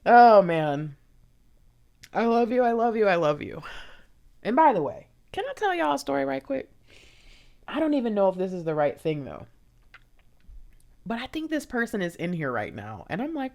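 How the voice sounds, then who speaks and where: A woman's voice: on the high side, very animated, unhurried. A woman hosting her own channel, talking to viewers in a rambling, heartfelt casual chat and laughing often. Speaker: intuitive reader and channel host.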